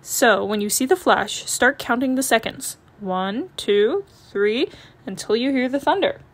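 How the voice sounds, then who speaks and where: A steady, reassuring father bear from a storybook, patiently explaining to his cubs, as a woman voices him. He talks calmly and a touch lower. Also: a little slow. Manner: calm, explaining.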